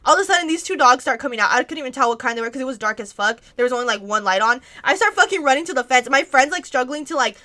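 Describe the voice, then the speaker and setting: Young woman streamer, bright tense tone, loose rambling chat full of fillers and cursing. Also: sits high, lively intonation, racing, hardly any pauses. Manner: rambling, heavy "like" filler, frequent swearing. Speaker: streamer answering viewer questions. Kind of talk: casual storytelling chat.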